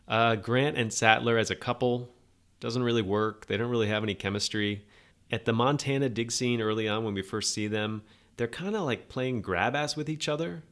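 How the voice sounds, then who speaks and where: A man's voice: fairly low pitch, a bit bright. A man hosting a podcast, giving a rambling, sarcastic, opinionated movie review in a casual monologue. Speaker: podcast host.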